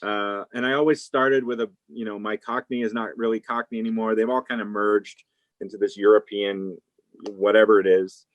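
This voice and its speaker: Rambling low-voiced actor, dry sound. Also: male voice, fairly even intonation, moderate pace, dry recording, highs cut off. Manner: rambling, many fillers and restarts. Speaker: actor, interview guest. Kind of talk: casual interview talk.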